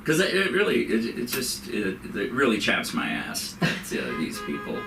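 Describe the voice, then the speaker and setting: A middle-aged man doing an open-mic stand-up set, rambling and halting, laughing at his own jokes. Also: fairly low pitch, huge pitch swings, creaky, bright, forceful tone, faint music behind. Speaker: stand-up comedian. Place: comedy club stage. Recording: echoey room, far from the mic, noisy.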